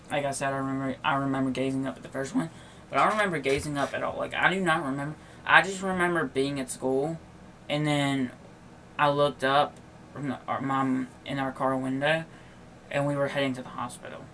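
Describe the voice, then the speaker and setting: A young man's gravelly, mid-range voice comes across pushed and bright as he casually shares a personal story on his podcast. He's worn out, yawning occasionally, and his telling meanders, packed with likes, fillers and restarts. A faint noise hums behind him.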